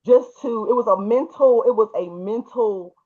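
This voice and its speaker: A woman telling a personal story in a casual, animated and emphatic way, with colloquial speech. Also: a little high, normal speed, phone-quality sound.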